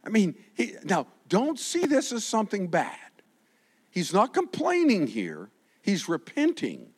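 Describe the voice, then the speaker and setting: A pastor preaching a lively sermon, acting out the quotes he reads and swinging from shouts to quiet asides. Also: high voice, measured pace, husky. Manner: animated, swings from shouting to soft, acts out quotes.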